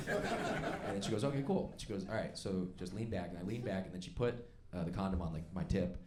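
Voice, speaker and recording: A man doing stand-up storytelling on stage, animated and laughing along as he acts out the voices in his story. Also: low-pitched, a little fast, heavy background noise. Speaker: stand-up comedian. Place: comedy club stage before a live audience. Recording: stage mic with loud crowd laughter.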